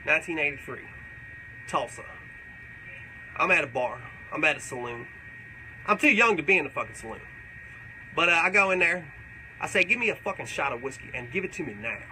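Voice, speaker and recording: A man's voice: fairly high pitch, animated, brisk, pauses often, pushed and bright, a little hiss or hum, poor audio. A man playing a crude, boastful redneck character who rambles through tall tales and swears constantly during a comedic livestream Q&A. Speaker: comedic character answering fan questions.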